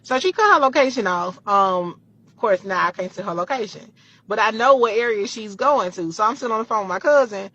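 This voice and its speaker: A woman with a bright, forceful voice tells a personal story straight to her audience, swearing freely as she gets worked up. The recording sounds dull and lo-fi. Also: mid-range voice, fairly quick. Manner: animated, profane, heated retelling. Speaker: storytime vlogger. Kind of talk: casual storytelling.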